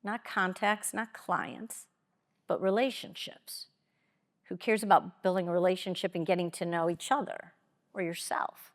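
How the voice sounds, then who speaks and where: A woman with a somewhat low voice tells a personal story on a conference stage. She leans on dramatic pauses and voices the people in her story. The sound carries the long reverb of a large hall. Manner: expressive, dramatic pauses, quotes people aloud. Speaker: keynote speaker. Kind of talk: motivational storytelling talk.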